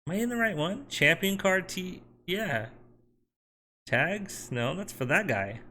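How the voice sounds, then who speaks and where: A software developer streaming his coding work, talking to his chat and to himself as he works. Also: high-pitched, animated, unhurried. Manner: talks to chat and himself while working. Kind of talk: live coding stream, thinking aloud.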